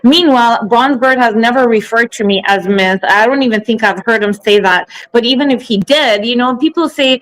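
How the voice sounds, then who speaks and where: A woman's voice: mid-range voice, normal speed, rough recording. Indignant, swearing woman on a panel. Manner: heated, swears a lot, indignant. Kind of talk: casual chat.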